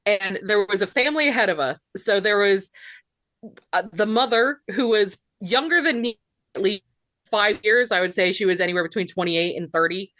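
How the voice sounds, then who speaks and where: A woman's voice: medium pitch, normal speed, a bit bright, no echo. A woman in her thirties with a Southern US accent, co-hosting a podcast and telling a story in casual chat, laughing often and saying "like" a lot. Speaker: podcast co-host.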